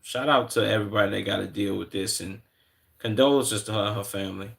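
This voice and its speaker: A young man with a low, gravelly voice riffs casually on a live stream, reacting to clips and greeting people in his chat. His talk is loose and slangy, full of asides and restarts. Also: steady tone, fast talker, fairly bright tone.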